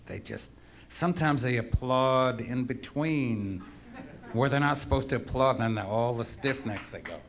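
A man's voice: mid-range voice, expressive, normal speed, a bit bright, a little hiss or hum. A man telling rambling, profane stories to a live audience with a wry, offhand manner. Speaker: storyteller performing for an audience. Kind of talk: live spoken storytelling.

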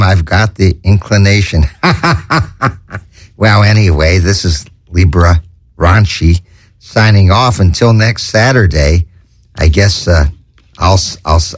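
Slow, low-voiced stammering man cracking puns. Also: no room sound, clean studio sound. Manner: stammering, chuckling at his own puns. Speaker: host of a comedy show. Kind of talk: corny stand-up patter.

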